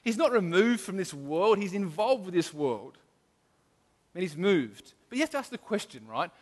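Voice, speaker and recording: A middle-aged pastor delivers an earnest, forceful sermon, frequently starting his sentences over. His high voice swings widely in pitch at a normal speed, with a long reverb from the hall.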